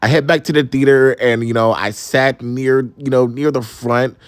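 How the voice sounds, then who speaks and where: A man's voice: medium pitch, moderate pace, smooth, dry recording, studio quality. A young man in his twenties from Maryland, telling a story casually with lots of slang and swearing. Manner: animated, profane, slangy, exclaims "bro" a lot. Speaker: storytime vlogger.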